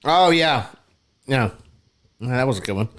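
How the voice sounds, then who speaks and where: A man hosting a casual sports podcast, relaxed and chatty, who laughs often. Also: mid-range voice, measured pace. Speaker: podcast host.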